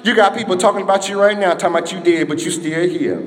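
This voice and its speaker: A high-voiced man preaches with fervent call-and-response energy, his rising into exhortation and dropping low to tell the story. The sound rings through a large, echoing church hall. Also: fast talker. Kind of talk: sermon. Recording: echoey hall.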